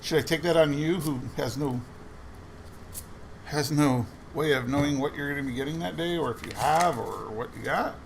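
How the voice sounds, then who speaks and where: A man's voice: fairly high pitch, normal speed, vocal fry, slight background noise. A man casually telling a rambling anecdote while sorting coins, quoting other people's lines as he goes. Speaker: coin roll hunting vlogger. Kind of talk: casual storytelling while searching coin rolls.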